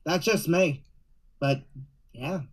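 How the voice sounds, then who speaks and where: A man's voice: on the high side, takes it slowly, poor audio. A man co-hosting a podcast, sharing predictions in casual chat and thinking aloud with lots of hedging. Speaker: podcast co-host.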